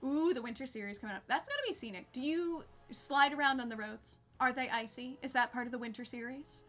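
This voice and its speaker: Bright high-pitched woman chatting w/ her stream while playing, bubbly, faint game music behind. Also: brisk. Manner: bubbly, chatty, laughs often. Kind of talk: casual gameplay chat with viewers.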